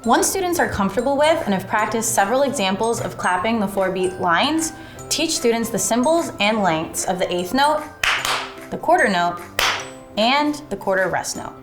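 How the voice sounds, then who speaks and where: A woman explaining a classroom music activity step by step, in a clear and methodical way. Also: fairly high pitch, animated, normal speed, reverberant. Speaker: teacher. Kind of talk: instructional lesson narration.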